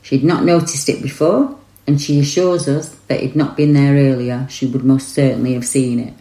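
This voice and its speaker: A woman tells the reports in calm, measured scripted narration. Her voice is exceptionally low and dark. The recording has a roomy echo to it.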